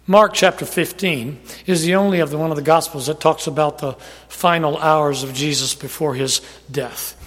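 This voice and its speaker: High-voiced preacher in an echoing hall. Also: male voice, fairly even intonation, a little fast. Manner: emphatic preaching that swings from loud to hushed. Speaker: pastor. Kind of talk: sermon.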